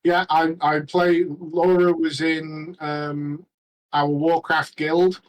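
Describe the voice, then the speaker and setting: A man chatting casually as a regular on a podcast, rambling and halting with many restarts. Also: fairly high pitch, flat delivery, poor audio. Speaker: regular panelist.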